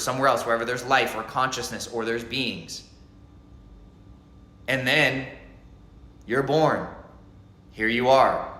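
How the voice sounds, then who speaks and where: A man's voice: medium pitch, bright, forceful tone. A man giving an intense spiritual monologue, speaking emphatically and repeating phrases. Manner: intense, repetitive, emphatic delivery. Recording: echoey room.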